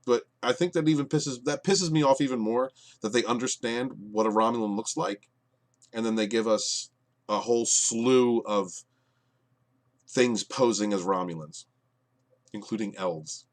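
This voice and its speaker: A man giving an exasperated review of a TV show, with lots of fillers and restarts, dropping to low mutters and then bursting out loud. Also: measured pace. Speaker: podcast reviewer. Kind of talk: ranting review commentary.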